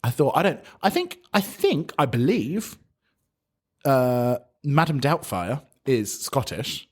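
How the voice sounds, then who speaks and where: A British man co-hosting a chatty podcast, camp and gossipy. His pitch swings all over the place as he talks. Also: very animated, slow. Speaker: podcast co-host. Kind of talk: casual chat.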